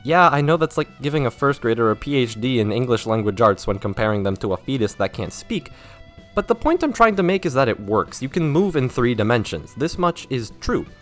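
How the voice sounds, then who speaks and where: A man's voice: mid-range voice, big pitch swings, a little fast, faint music behind. A young man narrating a scripted video essay about a game, sarcastic and self-mocking, with wry asides.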